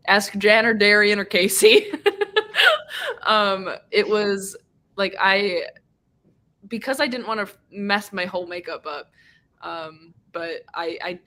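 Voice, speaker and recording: A woman's voice: medium pitch, sharp tone. A young woman hosting a casual chat with friends, telling stories in a rambling way with lots of fillers and laughter. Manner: giggly, rambling storyteller with many fillers. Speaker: streamer hosting a reading sprint.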